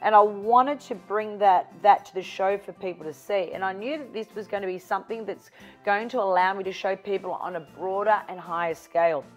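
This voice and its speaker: Animated Australian woman telling stories. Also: mid-range voice, fairly quick, faint music behind. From Newcastle, Australia. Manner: animated storyteller, acts out quoted dialogue. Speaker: guest, psychic. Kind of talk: storytelling interview chat.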